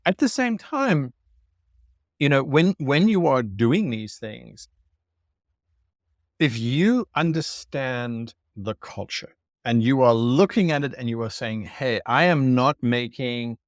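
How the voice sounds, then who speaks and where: A man explains his view as an invited game master, swinging between quick asides and slower, deliberate points and playing out what people said. His voice is of medium pitch. It is recorded dry and close. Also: no room sound. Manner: lively storytelling, acting out quoted remarks in asides. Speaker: game master guest on an interview show. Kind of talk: conversational interview answer.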